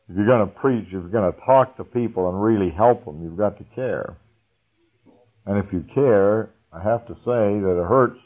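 A man preaching a folksy, unhurried sermon, chuckling now and then. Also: sits low, husky. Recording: tinny phone-like radio broadcast.

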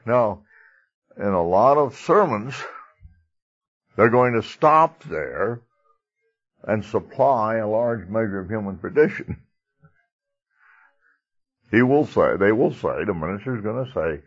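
A man's voice: lowish voice, expressive, unhurried, pauses often, husky, lo-fi sound. A man preaching a sermon in a conversational, emphatic way, chuckling now and then.

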